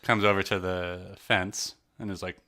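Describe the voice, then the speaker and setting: A man's voice: low voice, little pitch movement, unhurried, bright, forceful tone. A man co-hosting a casual movie podcast, rambling with many fillers and sarcastic asides, laughing often. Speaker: podcast co-host.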